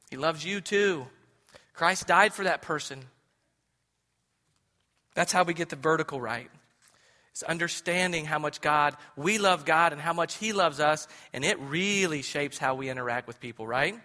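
A man in his thirties preaches with fervor, dropping to near whispers and then surging loud. His voice sits high and rings bright. The sound carries a long reverb from a church hall. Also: a little slow. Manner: impassioned, swings from hushed to loud. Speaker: pastor. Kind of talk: sermon. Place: church sanctuary.

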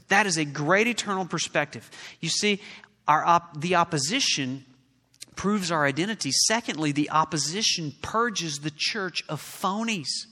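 A man's voice: sits high, lively intonation, moderate pace, bright, forceful tone. A man preaching a sermon as pastor, building his delivery to emphatic peaks. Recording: long reverb of a large hall.

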